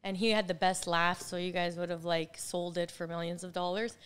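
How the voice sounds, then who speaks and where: A woman's voice: fairly low pitch, flat delivery, a little fast, clear, resonant tone. A woman in her forties, a real estate coach, chatting as an interview guest and laughing often while she tells stories. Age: 40s. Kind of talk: casual interview chat.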